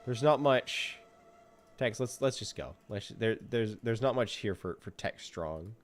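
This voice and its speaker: A man streaming live gameplay commentary, excitable and self-mocking, exasperated at his own character. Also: lowish voice, measured pace, faint music behind.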